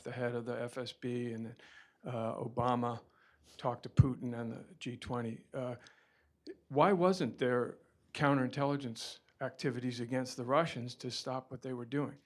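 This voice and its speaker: Flat-voiced man asking a question. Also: mid-range voice. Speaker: journalist asking an audience question.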